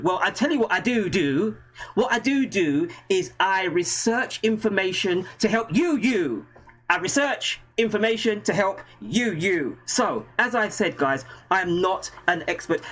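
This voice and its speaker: A man's voice: sits high, fairly bright tone. A man hosting a casual livestream from home, chatty and jokey, rambling and greeting viewers by name. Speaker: livestream host. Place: home room with a green screen.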